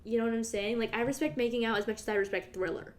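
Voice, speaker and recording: A young woman fires off a rapid solo monologue on her podcast, her fairly high voice keeping fairly even intonation. She rambles chattily, swears freely, and laughs often.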